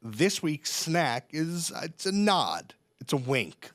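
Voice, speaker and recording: A man's voice: a little high, very animated, takes it slowly, no room sound, studio quality. A man co-hosting a culture podcast, chatting casually with wry, joking asides. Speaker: podcast co-host. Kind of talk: casual chat.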